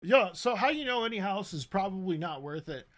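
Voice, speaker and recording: A man's voice: high voice, lively intonation, brisk. A man in his thirties co-hosting a casual podcast, loose and joking. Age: 30s. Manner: loose and joking, says "bro" a lot. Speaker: podcast co-host.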